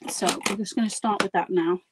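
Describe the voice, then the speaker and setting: A woman's voice: medium pitch, fairly even intonation, fairly quick, noisy background. A woman guiding a live craft demonstration, chatty, giggly and poking fun at herself as she works. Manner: chatty, giggly and self-deprecating. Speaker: guest crafter demonstrating a project.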